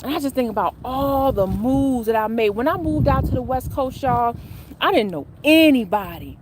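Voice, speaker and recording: A woman's voice: fairly high pitch, moderate pace, background noise. Chatty woman vlogging on a walk. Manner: chatty, animated, addresses viewers as y'all. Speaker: spiritual coach vlogger. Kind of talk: casual spiritual vlog talk.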